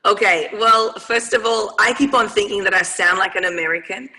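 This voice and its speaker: Bright-voiced Australian woman. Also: mid-range voice, fairly even intonation, moderate pace, poor audio. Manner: hesitant, many fillers and restarts. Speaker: guest. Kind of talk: interview storytelling.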